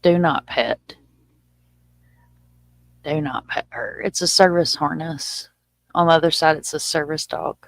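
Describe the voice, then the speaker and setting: A woman's voice: low-pitched, a little slow, gravelly, pauses often, dry recording. A woman with a Southern US accent hosting a casual livestream, chatting in a folksy way and reading out viewer comments. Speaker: livestream host.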